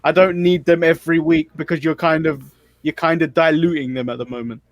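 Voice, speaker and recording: Man, slightly high voice, dry close sound, wry podcast host. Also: fairly even intonation, a little fast, no echo, dull audio. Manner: wry, critical recapping that leads the topics. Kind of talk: casual chat.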